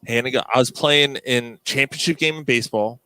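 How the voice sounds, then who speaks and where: A man's voice: medium pitch, fairly quick, sharp tone, smooth, no room sound. A man in his thirties hosting a casual sports podcast, telling stories in a profane, joking way. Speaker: podcast host.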